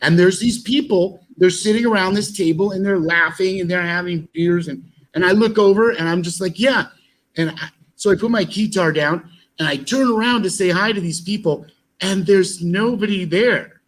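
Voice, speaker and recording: Brief: talkative man guest, fairly high voice, rambling storyteller, faint hiss behind. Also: normal speed, low-quality recording. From United States. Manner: rambling, with many fillers and restarts. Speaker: actor and musician guest. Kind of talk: animated storytelling in an interview.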